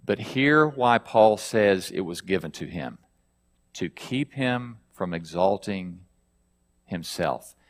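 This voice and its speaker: A man's voice: low-pitched, animated, takes it slowly, big-room sound. A male pastor preaching a sermon, reading scripture aloud with rising emphasis and asking his listeners questions.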